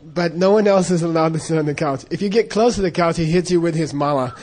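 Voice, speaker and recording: A man's voice: on the high side, quick pace, darkish tone. A man telling a casual, rambling story with lots of fillers and frequent laughs. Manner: rambling, many fillers and restarts, laughs often.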